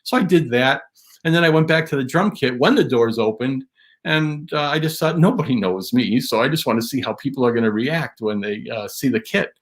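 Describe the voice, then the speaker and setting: A man telling a long anecdote in a casual interview, rambling and animated, with many restarts. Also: mid-range voice, a little fast. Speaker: guest drum historian.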